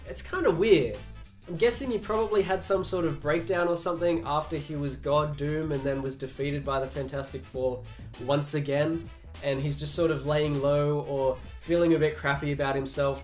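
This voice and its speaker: A man's voice: a little high, normal speed, a little mellow, faint music behind. A young man recapping a comic book casually, chatty and sarcastic, acting out the characters' lines.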